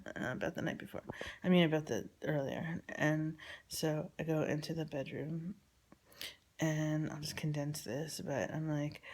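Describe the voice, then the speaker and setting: A woman telling a personal story about her family in a rambling, halting, confessional way, often dropping to a near whisper. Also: sits low, a little mellow.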